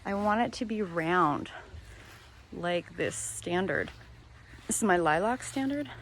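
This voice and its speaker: A woman's voice: lowish voice, slight background noise. A woman filming a casual tour of her home garden outdoors on a handheld phone. She chats freely, laughs often and corrects herself as she goes. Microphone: handheld phone camera while filming.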